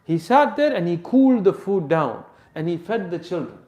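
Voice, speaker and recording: A man with a sing-song voice preaches a sermon at a normal pace, telling a story dramatically and sprinkling Arabic religious terms into his English. He acts out the voices in the story and drops soft and low at emotional moments. He is in a mosque hall, and the recording is echoey.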